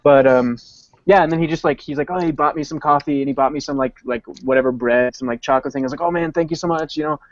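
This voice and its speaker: A man's voice: medium pitch, steady tone, quick pace. A man casually telling a rambling story full of fillers in a group chat. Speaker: panel member. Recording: dull lo-fi online call audio.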